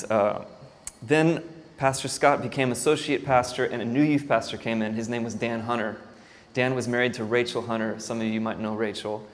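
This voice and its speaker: A man in his thirties, a worship pastor, telling his story casually to a church audience with many fillers and self-deprecating asides. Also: on the low side. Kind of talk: church talk. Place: church hall. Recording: hall reverb, faint ambient noise.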